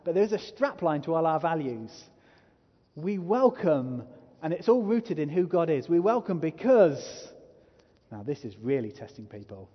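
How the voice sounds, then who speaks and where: In a church hall thick with muffled reverb, a pastor delivers his sermon in a fairly high, husky voice with big swings in pitch. He keeps a moderate pace, earnest at first and then increasingly emphatic as he presses his audience.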